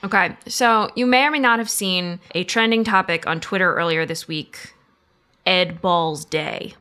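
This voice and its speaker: A young woman with a bright, crisp voice co-hosts a casual podcast. She tells stories playfully and mocks herself, dropping plenty of "like" into her sentences. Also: fairly low pitch, a little slow. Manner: playful, self-mocking, lots of "like". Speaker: podcast co-host. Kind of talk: casual podcast chat and timed storytelling.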